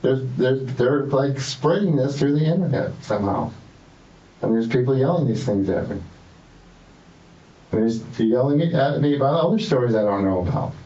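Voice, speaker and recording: A man's voice: medium pitch, lively intonation, normal speed, dark tone. Guy rambling and repeating himself under questioning, dull lo-fi echoey room sound. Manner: rambling, repetitive, defensive. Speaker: suspect in police interrogation. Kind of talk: interrogation interview. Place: interrogation room.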